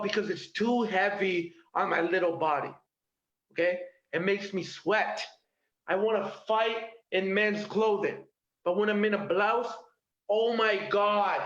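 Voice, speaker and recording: A man's voice: sits high, fairly bright tone. A man performing a stand-up routine from his home kitchen, with a punchy delivery that tags jokes with "okay?" and "all right?". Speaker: stand-up comedian. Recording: roomy, dull lo-fi home recording.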